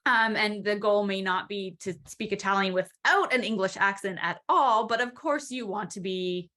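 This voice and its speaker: A woman's voice: mid-range voice, normal speed, pushed and bright. A woman hosting an interview, asking questions and reading out questions from group members. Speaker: interviewer, host.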